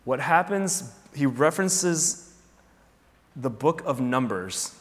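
A man preaching a sermon in a conversational, animated way, asking the listeners rhetorical questions. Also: medium pitch, slow pace. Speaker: pastor. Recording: long hall reverb.

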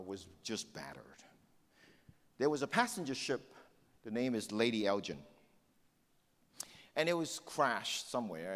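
A male pastor preaches a sermon in a large hall, telling a story as he swings between passionate, emphatic peaks and hushed, intense lows.

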